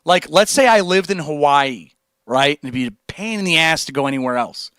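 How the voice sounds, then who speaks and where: Laid-back young man streamer, bright voice. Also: on the high side, lively intonation, moderate pace, no echo. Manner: laid-back, rambling, says dude and like a lot. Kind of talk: casual livestream chat.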